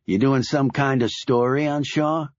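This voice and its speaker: A man voicing an older bald security chief who questions calmly and probingly. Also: medium pitch, unhurried, dry recording, dull audio, voice pushed up, lightly acted. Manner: calm, probing.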